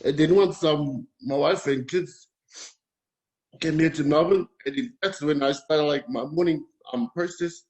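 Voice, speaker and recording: A Polynesian man talking candidly as a guest, in a hesitant, halting, soft-spoken way. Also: fairly high pitch. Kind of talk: candid personal conversation.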